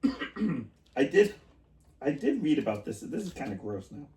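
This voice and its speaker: A man chatting casually as a podcast co-host, voice pitched a bit high and swinging lively up and down. He rambles, laughs easily and loses his thread. The sound is roomy and the mic sits some way off. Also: a little slow, distant mic. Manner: rambling, laughs often, trails off mid-sentence.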